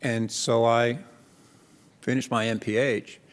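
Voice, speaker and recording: A man's voice: mid-range voice, level tone, slow, clear, resonant tone. An older man from New Jersey giving a conference keynote talk in a lecture hall, telling a story with restarts and lifting his voice on emphasis. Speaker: keynote speaker. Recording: reverberant hall.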